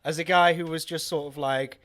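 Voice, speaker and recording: A man's voice: on the high side, fairly even intonation, fairly quick, fairly bright tone. A man co-hosting a casual podcast over drinks, rambling and self-deprecating with many restarts. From Wales. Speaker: podcast co-host.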